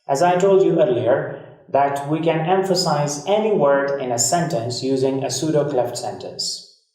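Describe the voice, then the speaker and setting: A man teaching an English grammar lesson, explaining slowly and deliberately, repeating key points and giving examples. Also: a little high, darkish tone. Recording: very echoey room, voice far from mic.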